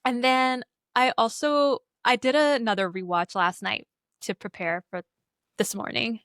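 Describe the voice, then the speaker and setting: A woman's voice: fairly high pitch, steady tone, unhurried, a bit bright, no room sound, clean studio sound. A young woman co-hosting a podcast, chatting casually and animatedly about a film and acting out the characters' lines. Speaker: podcast co-host. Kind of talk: casual chat recapping a movie.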